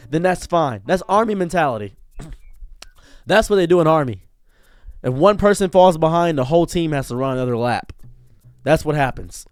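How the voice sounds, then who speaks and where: A man streamer delivering a sarcastic comedic rant in a mock-macho manner, swinging between booming lines and muttered asides. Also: darkish tone, no room sound. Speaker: streamer and commentator.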